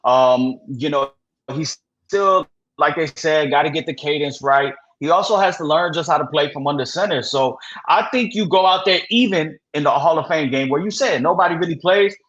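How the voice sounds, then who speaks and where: A man co-hosting a casual sports podcast, talking in a relaxed way with lots of "you know". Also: on the high side, moderate pace. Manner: relaxed, repeats filler phrases. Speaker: podcast co-host. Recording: dull lo-fi sound.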